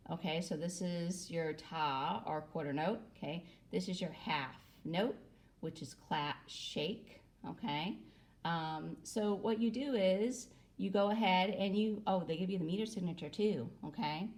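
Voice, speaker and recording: A woman's voice: lowish voice, darkish tone. A woman music teacher gives a recorder lesson to children, patiently adding "okay?" after nearly every phrase.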